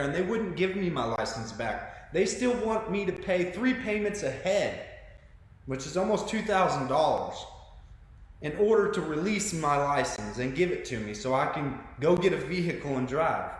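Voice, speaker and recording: A man, telling his own story in an earnest, excitable monologue full of restarts. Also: fairly high pitch. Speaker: vlogger sharing his story. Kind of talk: emotional personal monologue. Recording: very echoey room with long reverb.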